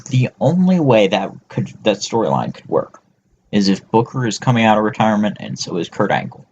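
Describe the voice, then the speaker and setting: A man's voice: lowish voice, very animated, a little fast, darkish tone, a little hiss or hum. A man co-hosting a podcast, ranting profanely in casual chat. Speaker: podcast co-host. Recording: dull lo-fi sound.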